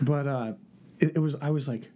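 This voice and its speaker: A man's voice: mid-range voice, moderate pace, mellow. A man in his thirties co-hosting a casual Catholic chat show, laughing often and tripping over words. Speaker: co-host of a Catholic live show.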